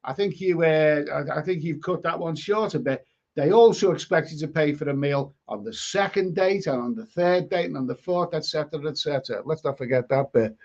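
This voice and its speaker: A man's voice: fairly high pitch, fairly quick, a little mellow. A man from England hosting a casual live stream, reading chat comments aloud and giving blunt opinions, often repeating and restarting his words. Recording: dull lo-fi stream audio.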